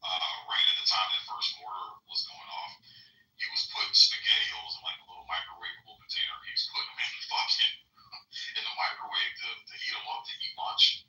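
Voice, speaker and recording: A man's voice: low-pitched, wildly swooping pitch, fairly quick, bright, forceful tone, roomy sound, recorded from a distance, slight background noise, rough recording. A man telling profane, rambling stories in a casual chat.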